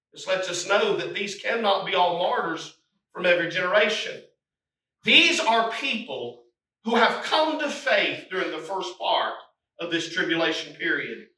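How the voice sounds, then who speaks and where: A man preaching a sermon, swinging from hushed, low passages to shouted, climbing appeals. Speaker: pastor. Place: church sanctuary. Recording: echoey room, mic from a distance.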